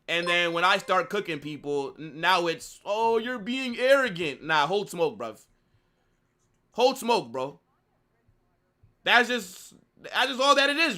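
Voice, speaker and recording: A man's voice: high-pitched, sharp tone. A young man hosting a live football stream, bantering combatively and mocking commenters in his chat.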